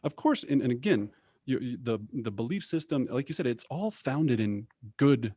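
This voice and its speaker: A man's voice: mid-range voice, lively intonation, normal speed, warm tone, dry recording, studio quality. A man hosting an interview, enthusiastic, rambling and often restarting his sentences. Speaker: podcast host. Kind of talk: interview conversation.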